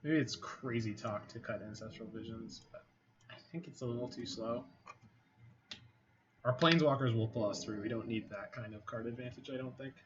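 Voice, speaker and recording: A man talks his way through a card game, weighing plays aloud and muttering asides to himself in a wry, easy tone. His voice sits at a middling pitch and comes through a slightly dull, lo-fi mic. Faint clicking and low noise run underneath. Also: moderate pace. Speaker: game streamer. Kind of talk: casual commentary over a card game.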